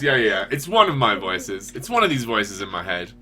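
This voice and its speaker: A man, a parent, talking casually as host of his own commentary stream, animated and often restarting his sentences. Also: lowish voice, fairly quick. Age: adult parent. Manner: animated, self-interrupting, frequent restarts.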